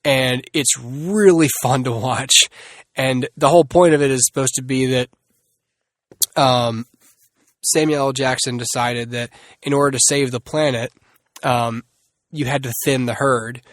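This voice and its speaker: A man's voice: medium pitch, steady tone, a little slow, long pauses, no room sound. Rambling man reviewing a movie, dry close mic. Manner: rambling, self-interrupting, many fillers. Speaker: podcast host. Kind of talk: solo movie review podcast.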